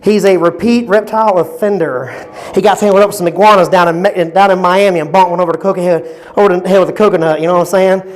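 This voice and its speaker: A man doing a stand-up comedy set, rambling through a story and repeatedly checking in with the crowd. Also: high voice. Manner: rambling, fast storytelling with constant "you know what I'm saying".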